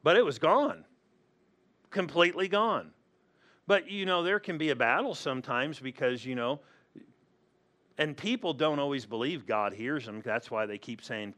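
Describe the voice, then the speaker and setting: Slightly high-voiced male pastor, playful sermon. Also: a bit bright. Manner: humorous storytelling that acts out the people in its stories.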